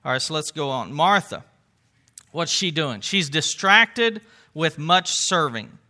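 A man's voice: fairly high pitch, lively intonation, unhurried, sharp tone. A man preaching a sermon, telling stories and putting questions to his listeners. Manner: storytelling, asks the congregation questions. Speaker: pastor.

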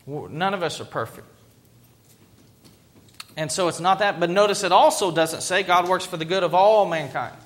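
A man preaching a sermon in an earnest, reflective way, pausing to let points land. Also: high-pitched. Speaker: pastor.

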